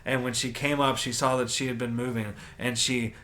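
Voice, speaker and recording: Animated man telling a wild story. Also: mid-range voice, moderate pace. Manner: animated, swears a lot, acts out his own reactions. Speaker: podcast co-host. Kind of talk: casual storytelling chat.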